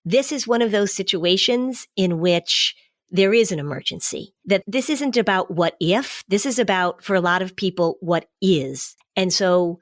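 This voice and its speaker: A middle-aged woman co-hosting a parenting podcast, giving steady, explanatory advice in casual conversation. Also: medium pitch, unhurried, dry recording, clean studio sound.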